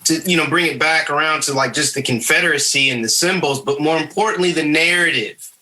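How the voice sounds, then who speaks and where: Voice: mid-range voice, fairly quick, bright, forceful tone, slight background noise, rough recording. A podcast panelist in a casual discussion, talking emphatically and repeating key points for stress.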